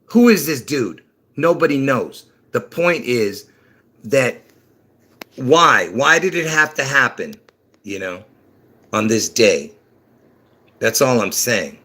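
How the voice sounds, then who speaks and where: A man talks on his own livestream in a loose, rambling way, circling back over the same points and then pushing them hard with sudden excitement. His speech is slightly slurred from dentures, and he chuckles when he trips over a word. His pitch sits in a middling range for a man. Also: slow pace. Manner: rambling, repeats himself, bursts into excited emphasis. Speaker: livestream host. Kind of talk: rambling religious livestream talk.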